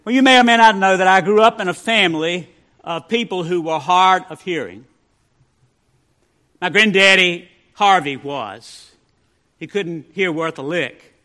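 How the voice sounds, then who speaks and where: A male pastor preaching a sermon, telling folksy humorous stories and dropping to a hush for the punchlines. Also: high voice, a little slow.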